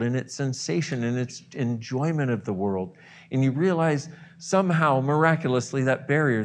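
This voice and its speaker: A man leading a guided visualization, acting out loud gasps and exclamations between softer stretches. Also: medium pitch. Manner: animated, acts out exclamations and gasps, swings from soft to loud.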